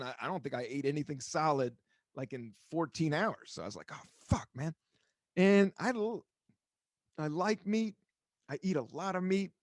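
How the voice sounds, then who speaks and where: A talkative man in his forties hosts a casual podcast, wandering from story to story and swearing freely as he acts out other people's lines. His pitch swings widely and sits a touch high for a man. The sound is close and dry, with no room around it. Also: no echo. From United States. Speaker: podcast host. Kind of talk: casual chat.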